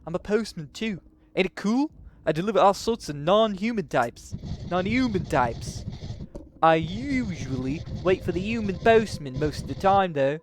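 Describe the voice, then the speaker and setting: Someone playing a chirpy demon postman with a shaky put-on cockney accent, pitched well up, loud and jaunty. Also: lively intonation, moderate pace, slight background noise, natural voice.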